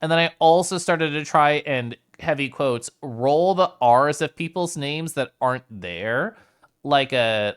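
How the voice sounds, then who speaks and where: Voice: mid-range voice, very animated, takes it slowly, a bit bright. A streamer chatting casually with live chat, playful, reading messages aloud and often rolling R's and making vocal sounds.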